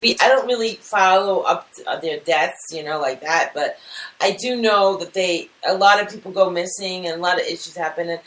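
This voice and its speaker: A woman's voice: lowish voice, moderate pace, fairly bright tone. A woman co-hosting a comedy talk show, chatting casually with incredulous remarks. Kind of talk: casual chat. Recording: roomy, distant from the mic.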